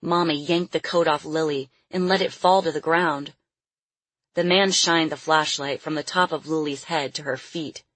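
A woman narrates a storybook in a low, husky voice, measured and expressive. Her voice sounds close and dry, with no room around it. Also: no echo. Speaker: audiobook narrator.

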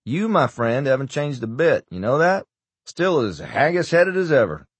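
A man's voice: mid-range voice, very animated, normal speed, slightly rough, no room sound, voice pushed up. A man voicing a wisecracking male doctor who puts on a bad Scottish accent, in an audiobook. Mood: teasing. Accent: fake Scottish. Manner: teasing, wisecracking. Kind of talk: audiobook character voice.

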